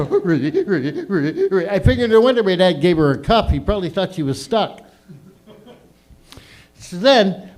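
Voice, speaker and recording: Profane middle-aged comedy host. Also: male voice, high-pitched. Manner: profane, rambling, crude storytelling. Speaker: open mic host and comedian. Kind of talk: stand-up comedy storytelling. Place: small comedy stage.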